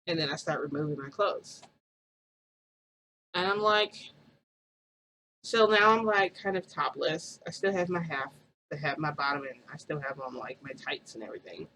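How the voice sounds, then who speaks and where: A woman's voice: low-pitched, animated, moderate pace, long pauses, pushed and bright, slight background noise, low-quality recording. A young woman vlogger casually telling a story in a chatty, giggly way, full of quoted dialogue.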